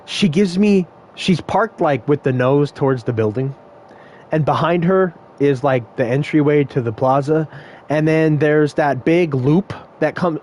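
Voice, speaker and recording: A man's voice: fairly high pitch, darkish tone, slight background noise. A young man casually telling a story from work, rambling, swearing and laughing often.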